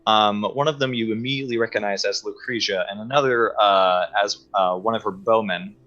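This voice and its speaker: A man narrating a tabletop game as game master, halting with many fillers. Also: lowish voice, fairly bright tone. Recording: slightly dull audio with faint music.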